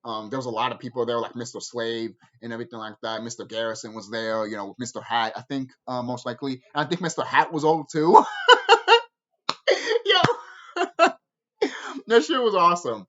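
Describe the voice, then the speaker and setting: With a rumbling low voice and a brisk pace, a woman rants through a review vlog, cursing freely and filling her talk with fillers and restarts. The audio has its highs cut off.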